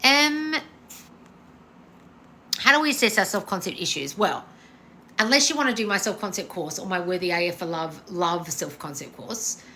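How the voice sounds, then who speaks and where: Blunt, sweary woman, bright-voiced. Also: lowish voice, expressive, normal speed, pauses often, slight background noise. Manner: blunt, sweary, calls viewers darling. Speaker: host answering viewer questions on a live stream. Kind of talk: casual live Q&A chat.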